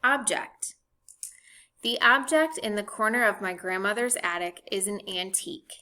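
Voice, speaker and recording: A woman teacher giving a recorded phonics lesson, speaking clearly and spelling words out letter by letter. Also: mid-range voice, normal speed, sharp tone.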